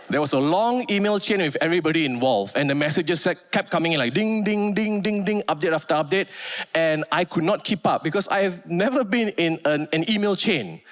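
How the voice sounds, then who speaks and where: A man from Malaysia with a Malaysian English accent, doing a stand-up comedy set and acting out scenes as he tells the story. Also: on the high side.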